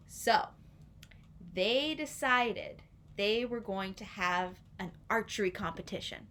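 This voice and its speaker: A woman telling a story to young children, playful and animated, inviting listeners to join in. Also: medium pitch, slow.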